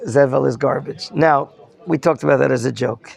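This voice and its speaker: A man's voice: mid-range voice, fairly even intonation, moderate pace, gravelly. A man teaching a Torah lesson as a rabbi, questioning his students and mixing in Hebrew terms. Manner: questions the students and prompts answers.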